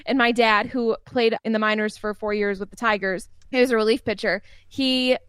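A woman's voice: a little high, fairly even intonation, moderate pace, fairly bright tone, smooth, no echo. A young woman, an interview guest, telling family stories in a chatty way and laughing often. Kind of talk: casual storytelling in an interview.

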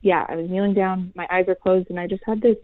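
A young woman in her twenties, a former college athlete, giving an earnest faith testimony as a guest, soft-spoken with many pauses. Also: on the low side, steady tone, no room sound. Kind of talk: heartfelt faith testimony in an interview. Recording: tinny phone-like line.

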